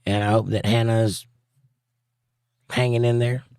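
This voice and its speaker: A man's voice: fairly low pitch, level tone, measured pace, darkish tone, smooth, no echo, studio quality. A man hosting a casual live stream, reading viewer comments aloud and joking back at them. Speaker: livestream host.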